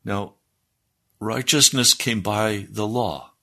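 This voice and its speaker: A man preaching a sermon, explaining scripture in a deliberate, teaching manner. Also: lowish voice, pushed and bright.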